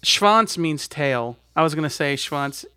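Man, podcast co-host, playful, high voice, slow pace. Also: animated, bright, forceful tone, clean tone. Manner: playful, drops trivia, mock German voices. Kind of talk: casual chat.

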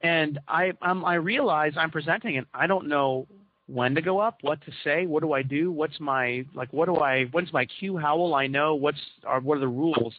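In a relaxed chat among co-hosts, a man with a slightly high voice spins out a lengthy anecdote at normal speed, bringing the quoted dialogue to life. There's no echo, and the audio is dry, dull, and lo-fi.

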